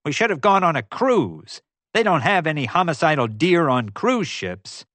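A loud, whiny middle-aged tourist, put on by a man reading the story, ranting indignantly in a strained high voice with big swings in pitch. The sound is close and dry. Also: huge pitch swings, normal speed, no room sound.

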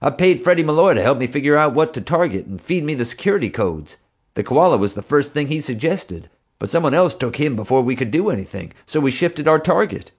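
A man's voice: a little high, big pitch swings, fairly quick, slightly rough, pitched above the performer's own voice, full character voice. A man voicing a frightened, whiny crooked man who shrieks and pleads in panic. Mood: panicked.

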